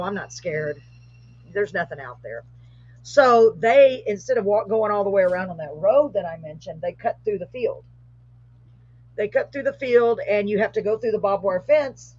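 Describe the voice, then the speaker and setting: A middle-aged woman, hosting a live show and telling a paranormal story in a casual, animated way, with rising excitement. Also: mid-range voice, husky. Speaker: host. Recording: muffled lo-fi live stream audio.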